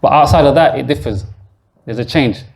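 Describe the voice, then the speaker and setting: A man's voice: medium pitch, brisk, gravelly, darkish tone. A man teaching a classroom grammar lesson in a mosque, explaining patiently step by step and quizzing his students. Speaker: Arabic teacher.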